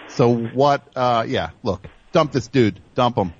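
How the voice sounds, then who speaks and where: A man's voice: medium pitch, slow pace, hardly any pauses, lo-fi sound, slight background noise. A man hosting a comedy radio show in a studio, rambling through stories and teasing his crew. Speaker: host.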